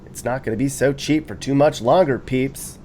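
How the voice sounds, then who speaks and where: A man's voice: mid-range voice, normal speed, a little mellow, a little hiss or hum. A man narrating a video with casual, jokey commentary, often laughing and reading quotes aloud with mock enthusiasm.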